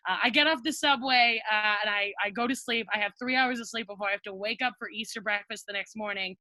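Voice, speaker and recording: A young woman telling a comic personal story on a video call, animated and self-mocking, acting out what people said. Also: fairly high pitch, brisk, dry recording. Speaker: storyteller, guest.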